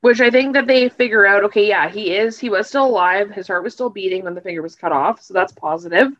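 A woman's voice: mid-range voice, fast talker, fairly bright tone, dry recording. Woman recapping, dull dry lo-fi sound. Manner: rambling retelling, self-correcting as she goes. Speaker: podcast co-host. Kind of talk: casual episode recap. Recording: dull lo-fi recording.

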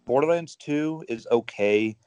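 A man's voice: mid-range voice, unhurried, warm tone, clean tone, dry recording, highs cut off. A man co-hosting a podcast, rambling enthusiastically about games with lots of fillers. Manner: rambling, enthusiastic gamer talk with many fillers. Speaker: podcast co-host. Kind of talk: casual chat.

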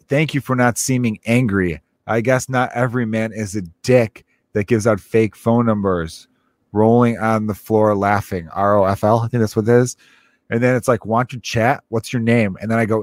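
A young man hosting a comedy podcast, talking in a profane, rambling monologue with jumpy pitch. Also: no echo.

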